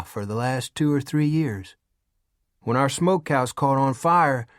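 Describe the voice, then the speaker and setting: A man reading an audiobook in an even storytelling manner. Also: a little high, no echo, clean studio sound. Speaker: audiobook narrator. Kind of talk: scripted narration.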